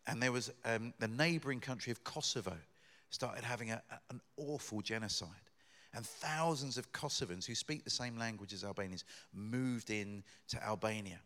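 Middle-aged guest preacher, mid-pitched, lively storytelling delivery. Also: male voice, moderate pace. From Britain. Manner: animated storytelling, rising loud in acted bits. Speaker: guest speaker. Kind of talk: sermon.

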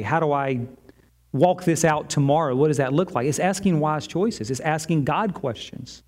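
A middle-aged man preaching a sermon, earnest, sinking low and quiet on key lines and rising when he voices prayers. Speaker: pastor.

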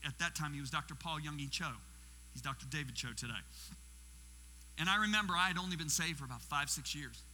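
A high, sharply bright male voice preaches as a guest speaker in his sixties. He tells his stories with acted-out quotes and direct questions to the congregation. The sound rings with the long reverb of a big hall, over a faint mains hum. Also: quick pace. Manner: storytelling, acting out quotes and questioning the audience. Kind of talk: sermon.

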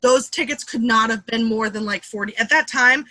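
Bright animated woman telling stories. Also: on the high side, no room sound. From Boston area. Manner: animated, quick storyteller acting out quotes. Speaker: comedian guest. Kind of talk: casual storytelling chat.

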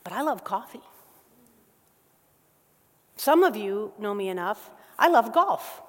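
A woman preaching a sermon to a church gathering, moving between soft, slow passages and loud, quick bursts. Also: medium pitch. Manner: animated, swings from soft and slow to loud and fast. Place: church hall. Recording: long hall reverb.

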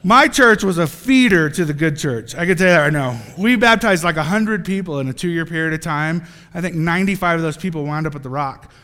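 A man preaching a sermon in an animated, joking way, acting out little scenes as he goes. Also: on the high side, a little fast, hardly any pauses, in a large hall.

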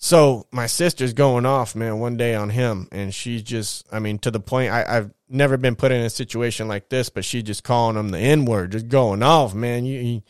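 Smooth-voiced man telling a profane street story. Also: mid-range voice, moderate pace, few pauses, no echo, studio quality. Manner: profane, slangy street talk; animated retelling with quoted voices. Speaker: podcast host telling his life story. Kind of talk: casual storytelling monologue.

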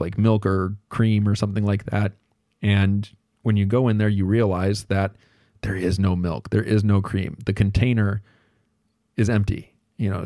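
A podcast host gives a casual solo explanation, talking through ideas conversationally, thinking aloud with fillers and made-up examples and acting out little bits of dialogue in passing. His voice is on the low side with a dark tone, recorded at studio quality with no echo.

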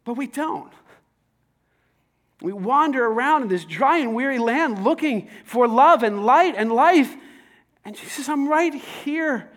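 High-voiced man preaching with dynamic swings. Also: animated, a little slow, pauses often, a bit bright. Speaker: pastor. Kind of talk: sermon.

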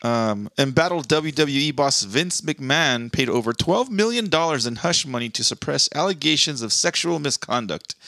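Gravelly joking male podcast co-host. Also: mid-range voice, sharp tone, no room sound, studio quality. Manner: joking, reads mock news with laughs. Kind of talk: casual comedy podcast chat.

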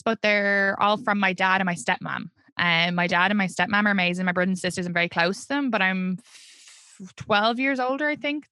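A woman's voice: mid-range voice, pushed and bright, smooth, no echo, studio quality. An Irish woman in her thirties, a comedian guest talking candidly and laughing often in a casual interview. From Ireland. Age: 30s.

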